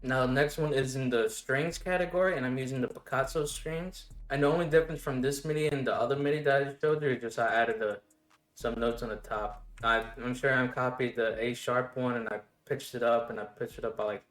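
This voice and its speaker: A man's voice: medium pitch, a little fast. Man explaining beats in a roomy space. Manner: relaxed step-by-step explaining with fillers. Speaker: music production tutor. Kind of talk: casual screen-recorded tutorial. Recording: roomy echo. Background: faint music playing.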